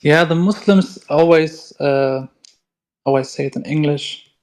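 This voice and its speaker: Male caller, twenties, slightly high voice, hesitant and halting. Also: darkish tone. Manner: hesitant, halting, with many fillers. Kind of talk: call-in conversation.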